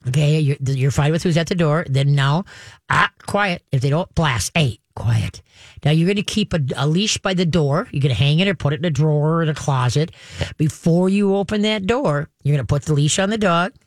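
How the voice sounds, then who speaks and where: A woman's voice: deep voice, brisk, no echo, clean studio sound. A woman hosting a pet advice show, talking through dog training steps in a chatty way, often saying "okay" and acting out dogs and owners. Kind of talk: call-in advice show talk.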